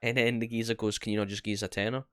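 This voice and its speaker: Lively young man telling stories. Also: on the low side, rapid-fire, smooth, no echo, clean studio sound. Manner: animated, sweary storyteller acting out both sides of exchanges. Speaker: podcast co-host. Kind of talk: casual storytelling chat.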